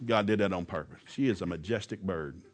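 A man who preaches by telling stories and acting out the quoted lines loudly. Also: low voice, a little fast. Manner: animated, acts out quotes loudly. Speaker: preacher and former school teacher. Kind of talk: storytelling sermon.

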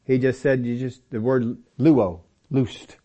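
A man's voice: medium pitch, fairly even intonation, takes it slowly, mellow. A man teaching from the Bible in a sermon, speaking emphatically and repeating phrases for stress while talking straight to his listeners. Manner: talks directly to listeners, sometimes by name.

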